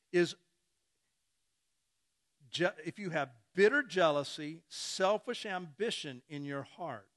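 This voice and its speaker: Male preacher, high-pitched, slow and deliberate, playful conversational delivery. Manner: animated, acts out imagined dialogues. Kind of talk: sermon.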